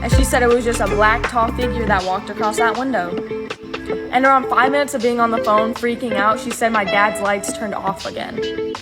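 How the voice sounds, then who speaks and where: A young woman telling a casual story, excitable and full of slang. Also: on the high side, normal speed. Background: loud music.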